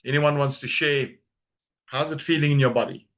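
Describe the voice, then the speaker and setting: A man coaching a group on a video call, guiding a calm body exercise with slow, soothing, repeated instructions and pauses. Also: on the high side.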